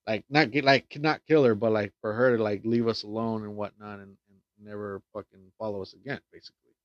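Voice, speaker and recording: A man's voice: fairly low pitch, steady tone, a little fast, no room sound. A man giving a casual plot recap and review of a film, rambling with lots of fillers and restarts and frequent swearing. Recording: dull lo-fi dry sound.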